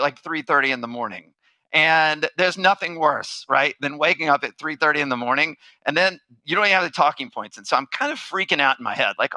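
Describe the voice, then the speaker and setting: A middle-aged man giving a motivational keynote, telling a story with animated energy and acting out the people he quotes. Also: on the high side, no echo, rough recording. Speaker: marketing speaker.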